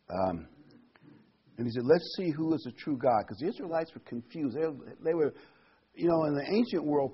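A man's voice: fairly low pitch, husky, lo-fi sound. A man preaching an informal sermon, talking conversationally and telling the story with restarts and asides.

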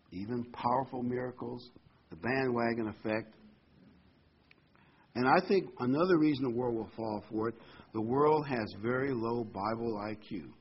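A man's voice: medium pitch, slight background noise. A man preaching a conversational sermon, stressing points by repeating phrases. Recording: dull lo-fi recording.

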